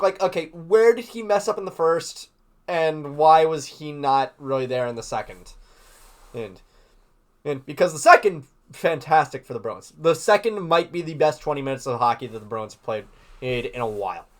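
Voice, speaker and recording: A man's voice: a little high, normal speed, a bit bright. A man hosting a podcast, recapping a hockey game in a casual, rambling way full of fillers and restarts. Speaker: podcast host.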